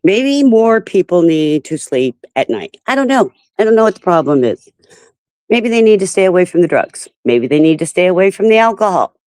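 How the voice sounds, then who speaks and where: A woman's voice: lowish voice, sing-song, moderate pace, darkish tone, no echo. Upset woman on a casual livestream. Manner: upset and rambling, greeting viewers by name. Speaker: livestream host. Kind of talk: casual live-stream talk to viewers.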